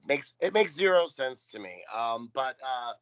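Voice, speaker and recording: Man podcast co-host, mid pitch, wry and sweary, dry close sound. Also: lively intonation, measured pace, fairly bright tone, no room sound. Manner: wry, profane play-by-play. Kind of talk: casual recap chat.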